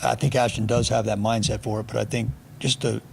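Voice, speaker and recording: A man's voice: fairly low pitch, little pitch movement, fairly quick, vocal fry, darkish tone, slight background noise. A middle-aged man, a football coach, answering reporters' questions at a press conference in a blunt, dry way. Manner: blunt, dry, with sarcastic humor. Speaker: football offensive coordinator.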